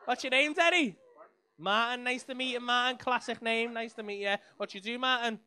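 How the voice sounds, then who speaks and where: A man's voice: extremely high pitch, a little fast, bright, forceful tone. A young man doing sweary, teasing crowd work on a comedy club stage. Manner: sweary, teasing banter with the audience. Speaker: stand-up comedian.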